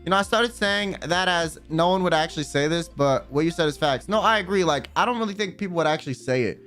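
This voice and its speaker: A man's voice: fairly high pitch, quick pace, fairly bright tone, soft background music. A man streaming live, ranting bluntly and with plenty of profanity while he reads out viewer messages. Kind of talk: casual livestream rant.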